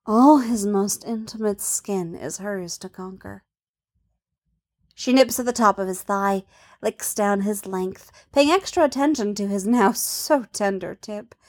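A woman reading an adult story aloud in a soft, intimate way, often dropping to a hush. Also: mid-range voice. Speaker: narrator.

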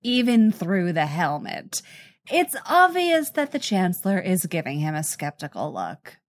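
A woman narrating a fan fiction audiobook in a measured, expressive reading. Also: fairly low pitch. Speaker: reader, narrator.

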